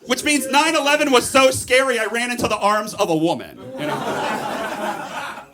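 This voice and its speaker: A man in his thirties doing a stand-up comedy set on a club stage, campy and animated, with sudden high squeals on punchlines. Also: normal speed, a crowd in the background. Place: comedy club stage before a live audience. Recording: live club recording, loud laughter. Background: loud audience laughter.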